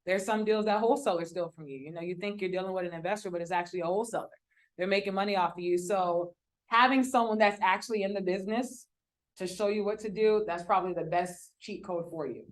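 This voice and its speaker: A woman's voice: medium pitch, fast talker. Chatty woman teaching a live workshop. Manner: casual, chatty, uses slang and acted-out quotes. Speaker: real estate wholesaling instructor. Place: room with a live audience.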